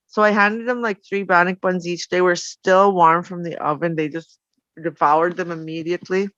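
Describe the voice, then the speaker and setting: A middle-aged Canadian woman, a storyteller guest, frankly recounts her life in rambling speech packed with "you know." Her voice is fairly low, steady and a bit bright at a moderate pace, captured in a dull, dry lo-fi recording.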